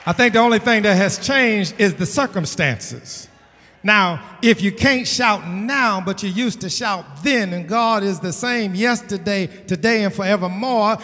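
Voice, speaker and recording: High, bright-voiced preaching pastor. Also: male voice, a little slow, big-room sound. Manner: emphatic preaching, repeats lines and builds to shouts. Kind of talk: sermon. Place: church sanctuary.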